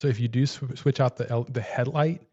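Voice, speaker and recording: A man hosting a casual livestream, answering viewer questions in a relaxed way with many fillers and restarts. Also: medium pitch, a little fast, dull audio. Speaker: livestream host.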